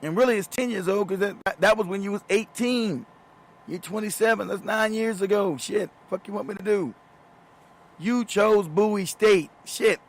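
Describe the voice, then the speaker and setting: Middle-aged man, show host, high voice, casual storytelling, frequent laughter, profane, stumbling repeats. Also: moderate pace.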